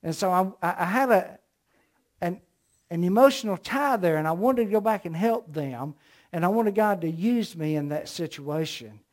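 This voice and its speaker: A man's voice: sits high, animated, normal speed. A middle-aged man from the American South with a Southern accent, preaching a sermon with emphatic, storytelling delivery.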